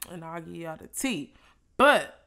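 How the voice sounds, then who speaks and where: A woman vlogger telling a casual story while eating, loose and profane, with animated reenacted exchanges. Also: fairly low pitch, measured pace, vocal fry.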